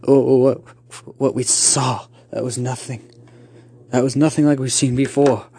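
A man's voice: mid-range voice, fairly even intonation, unhurried, mellow, breathy edge, no room sound. A man voicing a nervous, jumpy uncle who stammers.

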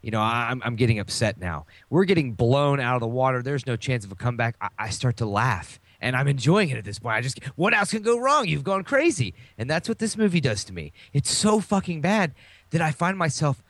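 A man's voice: mid-range voice, fairly quick, no echo. A middle-aged man in casual podcast chat, ranting with profanity and laughter. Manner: animated, profane, laughing rants. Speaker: podcast co-host.

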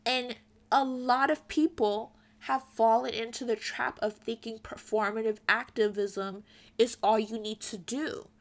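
Slow, earnest young woman lecturing. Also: on the high side, fairly even intonation. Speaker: commentary vlogger. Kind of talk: opinion commentary to camera.

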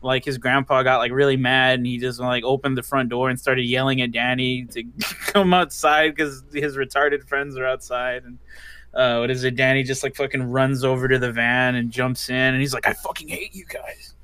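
A young man with a bright, crisp voice, chatting casually on a podcast. He rambles through anecdotes full of "uh" and "like". The sound is dry and close. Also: mid-range voice, flat delivery, normal speed, dry recording. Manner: rambling storyteller, many fillers. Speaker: podcast co-host. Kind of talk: casual chat.

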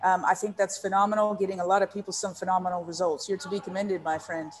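A woman's voice: lowish voice, level tone, fast, slight background noise. A woman from Texas, a leadership coach guesting on a podcast, telling a personal story in an earnest, heartfelt way with many ums. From San Antonio, Texas. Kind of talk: storytelling interview.

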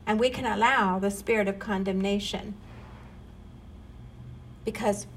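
A woman's voice: a little high, normal speed, fairly bright tone, a little hiss or hum, rough recording. A woman preaching a sermon, earnest and rising into emphatic questions.

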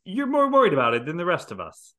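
A man co-hosting a casual chat podcast, teasing and quick to react. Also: high-pitched, huge pitch swings, pushed and bright. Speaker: podcast co-host.

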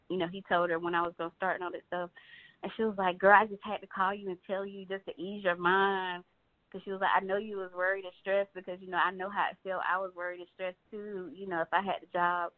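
Lively woman telling her story, tinny dry line. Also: fairly low pitch, fast, no echo. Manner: animated, acts out quoted voices. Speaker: guest. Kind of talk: casual storytelling interview. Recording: dry tinny call-quality audio.

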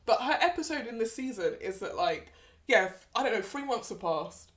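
A woman's voice: on the high side, sing-song, moderate pace, fairly bright tone, roomy sound. A woman co-hosting a podcast in casual chat, retelling scenes and quoting characters in passing. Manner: chatty, retells scenes with quoted voices. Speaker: podcast co-host.

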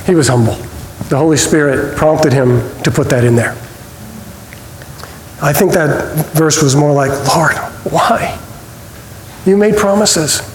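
Guy teaching a bible study, slightly high voice, loose and chatty, echoey church hall. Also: unhurried, long pauses. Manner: conversational, with small restarts and asides; reads scripture quotes with expressive emphasis. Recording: roomy hall reverb, faint noise.

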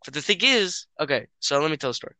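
A young guy talks to a friend over a voice call. He rambles and hesitates, with lots of filler and swearing. His voice is bright and a little high, and the sound is dry and close. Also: big pitch swings, fast talker, no echo. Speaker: friend telling a dating story. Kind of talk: casual chat over a call.

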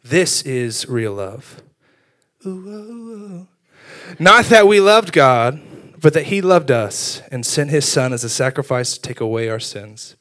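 A young man preaching a sermon, telling funny stories about himself with lively energy. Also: mid-range voice, measured pace. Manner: animated storytelling with self-deprecating humor. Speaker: youth pastor.

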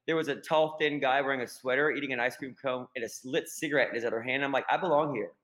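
A guest actor from the American South with a Southern accent, telling rambling, self-deprecating stories in a casual podcast chat. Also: male voice, medium pitch, quick pace, a bit bright, rough recording.

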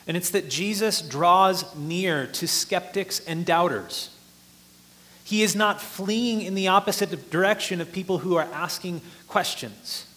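A man's voice: high voice, unhurried, pushed and bright. A man preaching a sermon, explaining a passage earnestly and rising in force for emphasis.

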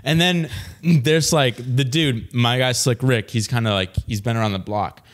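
A man's voice: medium pitch, normal speed. A young man in casual chat, rambling through a story with lots of fillers and laughs.

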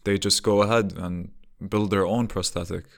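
A young man with a very deep voice that often drops into gravel muses aloud in a loose, casual monologue. He circles his thoughts with rhetorical questions and restarts his sentences as he goes. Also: fairly even intonation, normal speed.

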